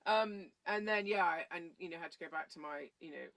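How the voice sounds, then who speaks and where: Bright-voiced rambling woman. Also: brisk. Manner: rambling, goes off on tangents; acts out quoted voices in a much higher pitch. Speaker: guest. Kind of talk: casual storytelling.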